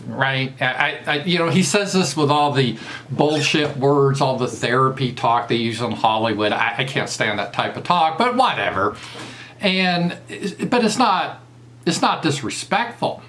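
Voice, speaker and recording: A man's voice: mid-range voice, lively intonation, a little slow, fairly bright tone. A man with a Southern US accent doing a casual commentary monologue, mocking and crude, laughing at his own jokes. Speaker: political commentator.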